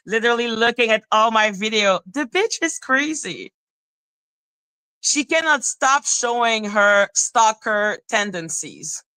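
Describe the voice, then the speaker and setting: Bright-voiced woman ranting on a livestream. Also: clear, resonant tone, no room sound. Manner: heated, profane, breaks into high sing-song greetings. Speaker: livestream host. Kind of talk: livestream rant chatting with viewers.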